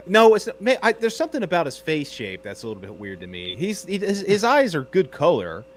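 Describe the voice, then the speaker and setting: A man's voice: a little high, wildly swooping pitch, fairly quick, slight background noise. A married man co-hosting a casual live-stream movie chat, easygoing and rambling.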